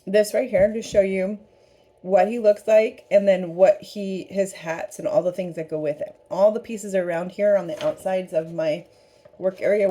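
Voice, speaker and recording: Hosting a casual craft painting tutorial in her studio, a woman with a dark, mid-range voice stays chatty and upbeat as she works, even talking while she eats.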